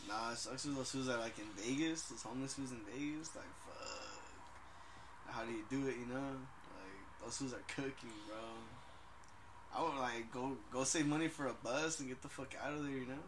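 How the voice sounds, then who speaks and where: A man's voice: medium pitch, animated, normal speed, background noise. A man co-hosting a casual podcast chat, telling stories in profane slang. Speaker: podcast co-host.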